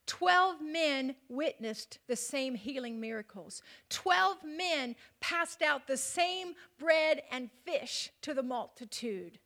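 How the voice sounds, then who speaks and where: A woman preaching a sermon, swinging from loud, rising passages to hushed near-whispers. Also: high-pitched, expressive, a little slow.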